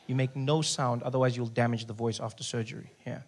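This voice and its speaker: A man telling a stand-up comedy story, acting out other people in hushed and loud voices. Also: medium pitch, fast talker, breathy edge. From South Africa. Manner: animated, acts out characters in hushed and loud voices.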